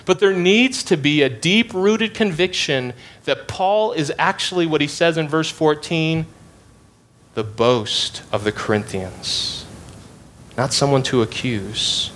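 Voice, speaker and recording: A man's voice: a little high, takes it slowly, a bit bright. A man preaching an expository sermon, emphatic and repeating phrases to drive his points home.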